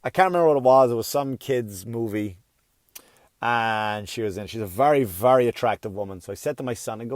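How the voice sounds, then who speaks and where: A male comedian hosting his own podcast, ranting loudly and profanely in a comic monologue. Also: medium pitch, animated, brisk, no room sound, studio quality. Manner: loud, yelling, profane.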